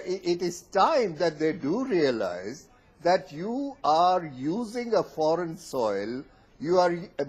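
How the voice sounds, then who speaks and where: Man, studio panelist, indignant, scornful, high voice, lively intonation. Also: husky. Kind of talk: heated TV panel debate.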